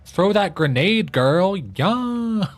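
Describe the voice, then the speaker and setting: A man's voice: high voice, very animated, drawn-out words, pitched above the performer's own voice, full character voice. Man doing a squealing camp hype voice. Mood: gushing. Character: sassy over-the-top cheerleader voice.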